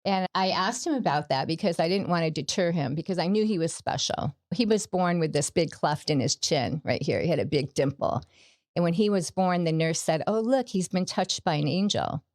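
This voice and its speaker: A middle-aged woman gives a personal testimony as a podcast guest, earnest and story-driven. Her voice sits a little low. The sound is dry and close. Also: animated, moderate pace, a little mellow, no echo. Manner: earnest storytelling, acts out quoted dialogue.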